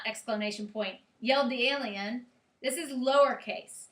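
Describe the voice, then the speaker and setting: Woman teacher lecturing a class; high, bright voice in a roomy, echoing classroom. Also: normal speed. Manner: explanatory, checks in with students. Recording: echoey classroom.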